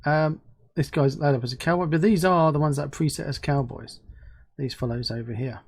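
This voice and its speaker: A man hosting a casual screen-recorded software review, chatty and excitable, thinking aloud as he clicks through. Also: on the high side, brisk, slightly rough. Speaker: game asset reviewer.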